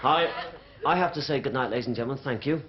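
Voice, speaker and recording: A Liverpool comedian, speaking in his home accent at medium pitch and a quick pace, trades cheeky banter with a live theatre audience. A loud crowd and heavy background noise fill the dull 1970s TV broadcast audio, which is full of laughter.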